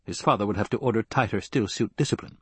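Male narrator, husky, mid-pitched, dry close sound, steady audiobook read. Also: quick pace, no room sound. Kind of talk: scripted narration.

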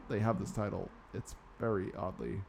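A man's voice: fairly low pitch, steady tone, moderate pace, creaky, darkish tone, a little hiss or hum. A man hosting a casual gaming news podcast, sarcastic and swearing now and then. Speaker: podcast host.

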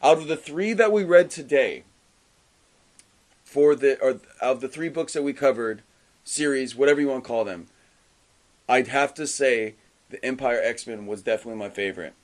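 A man in casual podcast chat, excitable and animated, tripping over his words and restarting sentences as he talks fast. His pitch sits in an ordinary middle range. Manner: enthusiastic, animated, stumbles and restarts often. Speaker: podcast co-host. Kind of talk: casual comic book discussion.

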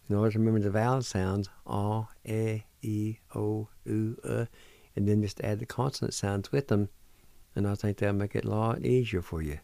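A man hosting a radio language lesson who patiently spells words out letter by letter and sounds out each syllable, gently encouraging learners not to give up. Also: fairly low pitch, quick pace, creaky, dry recording. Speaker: radio host teaching language.

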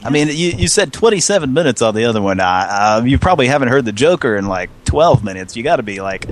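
A man's voice: medium pitch, fast, slight background noise. Drawling joking radio host man. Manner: drawling, deadpan joking, laughs often. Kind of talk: comedic mock radio banter.

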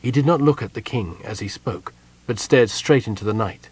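A man narrating a fantasy audiobook in a steady, even storytelling voice. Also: lowish voice, moderate pace, slightly rough, no room sound. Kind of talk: scripted narration.

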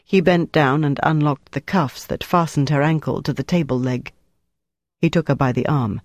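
An audiobook narrator reading a wartime thriller with an even, steady delivery. The voice is mid-pitched and the recording is dry with no room sound. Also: normal speed, dry recording. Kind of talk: scripted narration.

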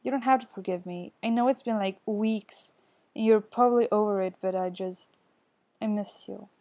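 A woman reading the lines of an anxious, apologetic young man in a podfic, halting and full of restarts. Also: medium pitch, dark tone, no echo, lightly acted.

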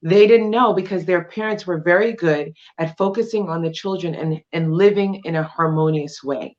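A woman's voice: lowish voice, normal speed, a little mellow. Lo-fi woman explaining with emphasis. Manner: emphatic, explanatory, with frequent "um" and "you know". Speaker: guest sharing her divorce experience. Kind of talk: conversational interview.

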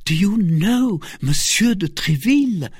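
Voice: mid-range voice, expressive, measured pace, slightly rough, no echo, studio quality, pitched above the performer's own voice. A reader voicing an earnest young novice nun in a storybook reading, with a raised, eager character voice.

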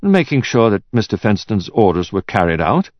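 A man's voice: lowish voice, sing-song, brisk, dry recording, dull audio, voice pushed up. Man doing an eager, anxious businesswoman. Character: brisk efficient woman handling airport transfers.

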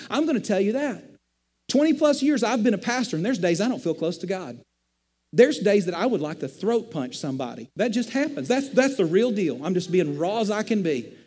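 High-voiced middle-aged preacher, conversational. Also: male voice, big-room sound. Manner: conversational, animated storytelling preacher. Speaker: pastor. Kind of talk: sermon.

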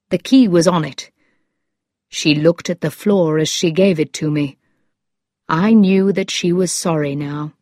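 A woman reading a story aloud in a calm, measured, plain narration style. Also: deep voice, dry recording, studio quality. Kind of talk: slow, clear audiobook narration.

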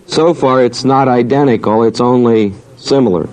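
A man teaching a Bible study, reasoning aloud, asking himself questions and answering them, and reading verses in a drawn-out cadence. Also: medium pitch, darkish tone, highs cut off.

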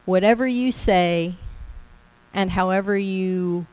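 A woman pastor giving a children's sermon, gently coaxing the kids as she tells them a story. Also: medium pitch, slow, clear, resonant tone, low-quality recording.

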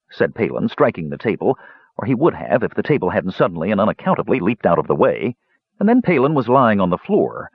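Husky man narrating a fantasy audiobook. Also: sits low, dry recording, lo-fi sound. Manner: expressive, dramatic reading.

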